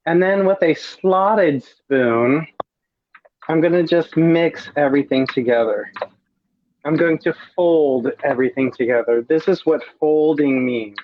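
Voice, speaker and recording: A man's voice: a little high, a little slow, muffled recording, slight background noise. A man giving a campy, chatty cooking demonstration over a video call, savoring each bite aloud. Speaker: drag performer cooking on a livestream.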